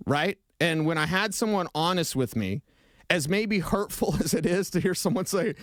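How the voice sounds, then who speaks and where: A high-pitched man on a sports talk radio show, talking fast and getting emotional and opinionated as he trades takes with his co-host. His voice is close and dry on a studio mic, with no room sound around it. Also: dry recording. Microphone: studio microphone.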